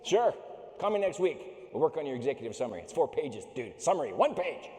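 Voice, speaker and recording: A man's voice: a little high, big pitch swings, fast, a little mellow. A man putting on a blunt, crude Texan oil executive with a Texan accent, in an echoey hall. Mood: brusque. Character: blunt Texan oilman, middle-aged man, gruff.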